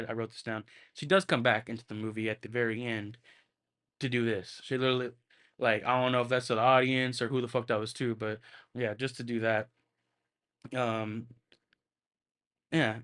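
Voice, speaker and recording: A man's voice: mid-range voice, fairly bright tone. A man talks through a film review on his own podcast in a loose, casual way. He rambles, circles back with plenty of filler words, and swears freely as he goes. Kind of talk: casual solo movie review.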